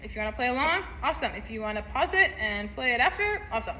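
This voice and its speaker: A woman's voice: fairly high pitch, animated, quick pace, sharp tone, reverberant, a little hiss or hum, rough recording. A woman teaching a saxophone part, upbeat, counting aloud and singing rhythms. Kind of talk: music lesson walkthrough.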